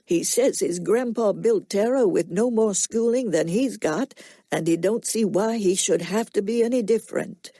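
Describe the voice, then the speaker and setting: A woman reading an audiobook, voicing a soft-spoken middle-aged Southern farmer with a slow nasal drawl and a plainspoken, quietly stern manner. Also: mid-range voice, no echo, natural voice.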